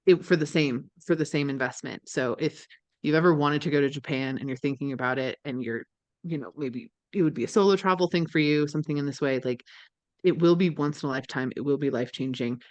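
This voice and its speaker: A woman's voice: sits low, quick pace, darkish tone, dry recording. A woman co-hosting a casual podcast, talking eagerly and persuasively with plenty of "like" and "um". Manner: enthusiastic, persuasive, frequent "like" and "um". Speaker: podcast co-host.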